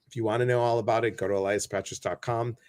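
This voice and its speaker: A man's voice: lowish voice, fairly even intonation, quick pace, darkish tone. A man hosting a live stream, chatting casually and greeting viewers one by one by name.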